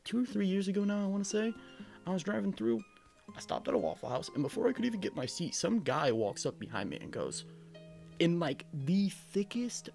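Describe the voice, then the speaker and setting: A male streamer who jokes and rambles with his live chat. His voice has a gravelly rasp, and his pitch swings widely as he gets worked up. Soft game music plays underneath. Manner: animated, rambling, jokey banter with chat.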